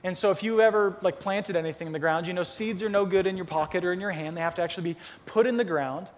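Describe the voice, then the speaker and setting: A man pastor giving a conversational sermon, telling Bible stories in a casual, animated way. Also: high voice, fast talker, big-room sound. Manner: conversational storytelling, acting out Bible characters.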